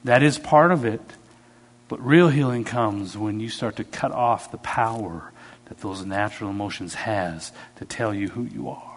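A man preaching a sermon as a pastor, telling stories with sudden swings in pitch and loudness. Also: moderate pace.

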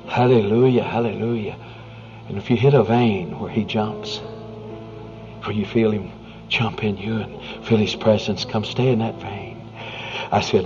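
A man preaching a sermon in an earnest, conversational way, often dropping to a hushed near-whisper. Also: lowish voice, fairly even intonation, normal speed. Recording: dull lo-fi recording with faint music.

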